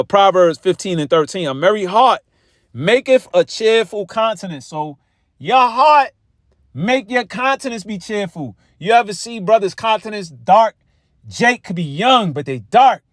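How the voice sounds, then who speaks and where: High-voiced profane street preacher. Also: male voice, dry recording, clean studio sound. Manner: profane, repetitive, conversational. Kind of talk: street-style Bible teaching.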